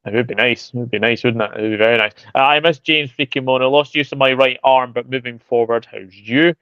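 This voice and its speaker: Guy hosting a football stream, smooth clear voice, bit dull and dry sounding, lots of ums. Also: medium pitch, fairly even intonation, fast talker, a bit bright, no room sound. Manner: chatty, greets viewers by name, many fillers. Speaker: football channel host reading live chat. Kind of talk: casual livestream chat.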